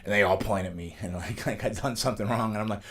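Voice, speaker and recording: Here a middle-aged wrestler, interviewed in a studio, laughs through his loose, rambling life stories. His voice sits fairly low, with a fairly bright tone and a quick pace.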